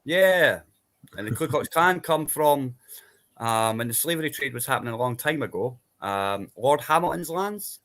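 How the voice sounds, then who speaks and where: A Scottish man talking in a loose, rambling way, stacking up points and tossing in quick tag questions to check he's followed. His voice is bright and forward at an ordinary middle pitch. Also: expressive. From Scotland. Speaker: panel guest. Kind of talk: casual chat.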